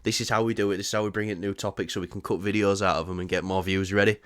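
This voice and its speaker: A man's voice: low-pitched, steady tone, rapid-fire, no room sound. A man co-hosting a casual movie news chat, teasing his partner and swearing freely. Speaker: podcast co-host.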